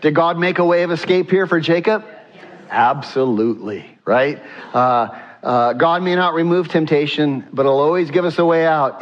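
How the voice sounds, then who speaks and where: A man preaching a sermon in a conversational way, asking the congregation questions and acting out the text. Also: a little high. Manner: conversational, asks the congregation questions, acts out quotes. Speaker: pastor. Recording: dull lo-fi sound.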